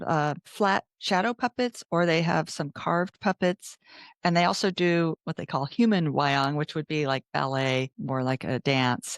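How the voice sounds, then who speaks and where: A woman's voice: deep voice, no echo, clean studio sound. A woman who is a travel author, chatting in an interview and often restarting her words. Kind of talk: casual interview chat.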